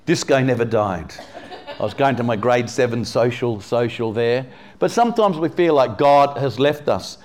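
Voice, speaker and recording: A man's voice: medium pitch, lively intonation, moderate pace, a little mellow. A man from England preaching a sermon to a congregation in a church, talking casually with lots of "you know" and questions to the people in front of him. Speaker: pastor.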